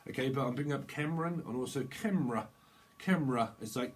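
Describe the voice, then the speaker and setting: A man's voice: mid-range voice, fast talker, a little hiss or hum, low-quality recording. A man giving a rambling tarot reading, swearing and laughing as he talks. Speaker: tarot reader. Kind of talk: casual tarot reading monologue.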